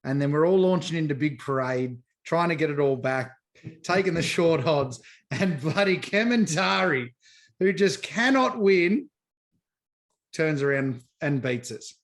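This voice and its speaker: An Australian man co-hosting a podcast, teasing his mates and telling animated stories in casual banter. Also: on the high side, unhurried. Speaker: podcast co-host. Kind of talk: casual banter about horse racing.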